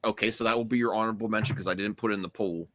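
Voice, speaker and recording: Male stream host, bright tone, lively delivery, dry close mic, rambling casual chat. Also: lowish voice, very fast, no room sound. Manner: rambling, many fillers and restarts. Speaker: show host.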